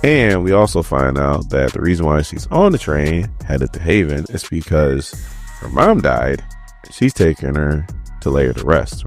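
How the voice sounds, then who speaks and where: A man casually recapping a comic book issue, joking and chatting directly to his viewers. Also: rumbling low.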